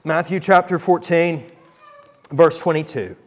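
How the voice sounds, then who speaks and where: A man preaching a sermon in a fairly high voice. He talks earnestly, rising loud to stress a point and dropping soft for quiet ones, and reads scripture aloud with drama. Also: a little slow.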